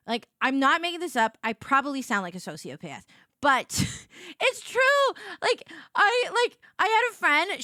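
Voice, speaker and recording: A woman streamer chatting casually to her viewers, bubbly and excitable, rambling with lots of "like"s and squealing over cute things. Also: fairly high pitch, no room sound, studio quality. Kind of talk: casual live-stream chat.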